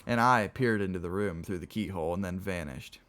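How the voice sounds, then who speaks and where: Low-voiced man reading a novel aloud. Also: a little fast, fairly bright tone. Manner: plain reading, chats with viewers between passages. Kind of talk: casual read-aloud narration.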